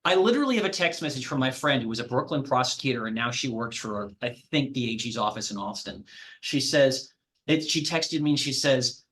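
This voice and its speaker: A man who works as a lawyer joins a podcast conversation as a guest. He lays out his points in a measured, analytical way. He leans on personal examples to back up each idea. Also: mid-range voice, animated, a bit bright.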